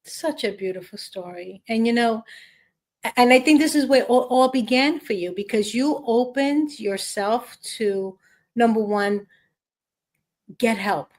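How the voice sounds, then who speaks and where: A woman's voice: a little high, a little slow. A woman hosting a podcast interview, speaking in an encouraging, affirming way. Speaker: podcast host. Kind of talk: conversational interview.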